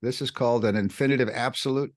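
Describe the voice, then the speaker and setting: A man co-hosting a podcast, teaching the Bible in an animated way, swinging his pitch up and down to stress words. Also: fast talker. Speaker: podcast co-host.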